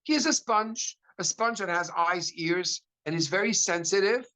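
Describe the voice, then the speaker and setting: A middle-aged man, a rabbi, giving a lecture to a class in an animated storytelling way, with frequent restarts. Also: high voice, normal speed, rough recording.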